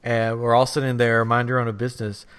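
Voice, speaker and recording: A man's voice: mid-range voice, completely flat delivery, brisk, fairly bright tone, clean tone. A man hosting a podcast, telling a rambling funny story in a casual chat and laughing as he goes. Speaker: podcast host.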